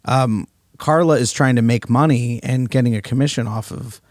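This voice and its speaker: A man co-hosting a casual business podcast, his voice rough today, explaining things as he walks through a shared screen on a video call. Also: medium pitch, moderate pace, dry recording, clean studio sound. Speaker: podcast co-host.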